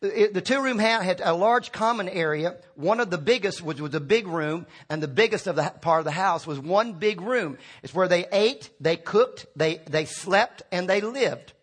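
A man's voice: sits high, expressive, normal speed, hardly any pauses. A man preaching a sermon as pastor, talking conversationally with restarts and acting out quotes.

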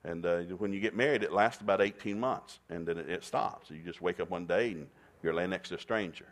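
A man's voice: low-pitched, brisk. A middle-aged man preaching a sermon, telling stories with humor and calling on the congregation to repeat after him. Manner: animated, playful storytelling with call-and-response. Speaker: pastor.

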